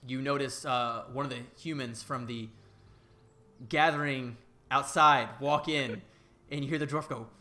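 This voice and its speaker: A man's voice: medium pitch, steady tone, a little slow, bright, forceful tone. A man narrating as game master over a video call, loose and rambling with plenty of fillers. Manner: loose and rambling, many fillers, laughs easily. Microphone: headset on a video call.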